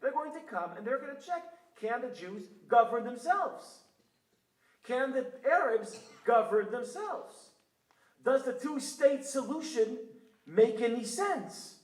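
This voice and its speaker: Israeli guy giving a lecture, kinda high voice, roomy hall, mic a bit far off, gets loud acting out quotes. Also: unhurried. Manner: animated storytelling, acts out quotes loudly. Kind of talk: public lecture. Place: synagogue hall.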